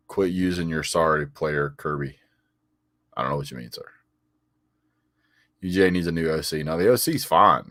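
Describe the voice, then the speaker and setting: A very low-voiced man banters through a live stream, reading out viewer comments and firing back. He stammers and repeats words now and then, and his voice sounds close and dry with no room around it. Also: creaky, a bit bright, no room sound. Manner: reads viewer comments aloud and answers them; frequent chuckles and "sir" rebuttals. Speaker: sports vlogger reading live chat.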